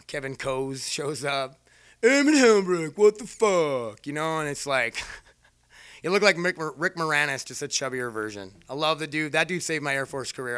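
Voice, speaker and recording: A man's voice: mid-range voice, bright, forceful tone, clear, resonant tone, dry recording, studio quality. A man casually telling a rambling personal story, swearing freely and poking fun at himself. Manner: profane, rambling, self-mocking.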